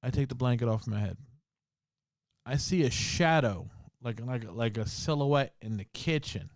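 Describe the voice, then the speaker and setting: A man hosting a podcast, telling a ghost story in casual talk full of swearing and slang, dropping to a hush in the scary parts. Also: medium pitch, unhurried, dry recording, clean studio sound. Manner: swearing, slangy, full of "bro" and "you know"; drops to a hushed voice in the scary parts. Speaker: podcast host.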